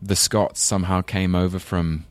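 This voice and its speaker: London guy, really deep voice, dry sound, thoughtful rambly interview chat. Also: little pitch movement, normal speed, no echo. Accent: London English. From England. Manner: thoughtful, self-deprecating, many restarts. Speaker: guest, actor.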